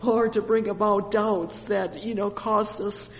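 A woman preaching a sermon, fervent and unhurried, often breaking into exclamations of praise. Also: medium pitch, level tone. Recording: echoey hall with faint ambient noise.

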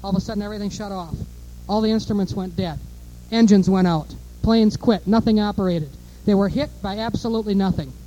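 Very high-voiced man preaching fervently. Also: brisk, lo-fi sound. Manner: emphatic, repeats words, swings between asides and loud declarations. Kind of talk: fiery sermon.

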